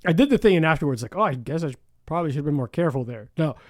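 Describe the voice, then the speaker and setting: A man's voice: on the high side, animated, rapid-fire, no echo, clean studio sound. A man hosting a podcast in casual chat, swearing freely, laughing often and acting out the voices of people in his stories. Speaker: podcast host.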